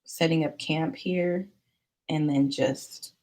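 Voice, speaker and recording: Deep and mellow, her delivery is slow with fairly even intonation. As a young livestream host, she reads her viewers' comments and chats with them casually, mixing in laughter and whispered remarks.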